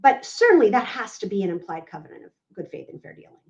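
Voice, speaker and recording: A woman's voice: mid-range voice, very animated, fast, vocal fry. A woman legal analyst giving emphatic podcast commentary, often checking in with "right?". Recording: dull lo-fi audio.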